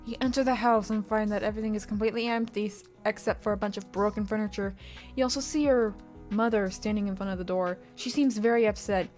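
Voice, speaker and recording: A young woman streaming a text adventure, reading the story aloud and breaking in with sudden loud, high-pitched outbursts and swearing. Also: fairly even intonation, fast talker, faint music behind.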